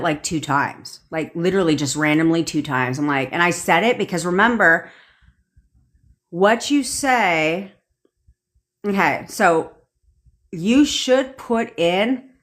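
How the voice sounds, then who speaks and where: A woman's voice: lowish voice, a bit bright. A woman manifestation coach on a live stream, ranting bluntly and swearing casually while answering viewers' comments.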